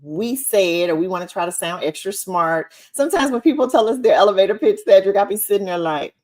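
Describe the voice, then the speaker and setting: Chatty woman on a video call stream, super lively voice, laughs a lot. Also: mid-range voice, quick pace. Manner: animated, chatty, laughs often. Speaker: co-host and co-author. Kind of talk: casual chat on a livestream.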